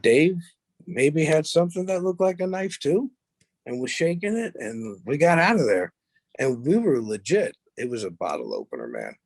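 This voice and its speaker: A man's voice: fairly high pitch, normal speed, gravelly, dry recording. A man in his thirties, a podcast guest, telling a story casually with lots of swearing and rambling asides. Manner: profane, rambling, animated retelling.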